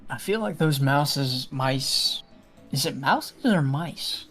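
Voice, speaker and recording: A man streaming a game, telling stories in a lively, casual way and swearing freely. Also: mid-range voice, takes it slowly, soft background music. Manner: animated storyteller, swears freely. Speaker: streamer playing an online game. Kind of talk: casual gaming chat.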